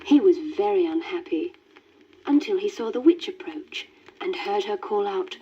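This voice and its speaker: A woman reading a children's storybook aloud in a gentle, lilting manner. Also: medium pitch, lively intonation, moderate pace, husky. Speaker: story reader. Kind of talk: scripted storybook narration. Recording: dull worn vinyl record with faint hiss.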